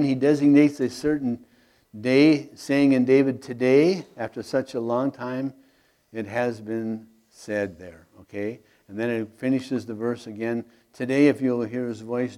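A man preaching as a pastor, reading scripture aloud and then explaining it in slow, plain words, clearing his throat now and then. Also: mid-range voice, mellow. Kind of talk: sermon Bible teaching.

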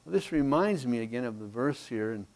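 A man preaching a sermon, stressing contrasts with repeated phrases and often dropping his voice low and quiet. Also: expressive, brisk. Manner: emphatic contrasting repetition, drops to quiet.

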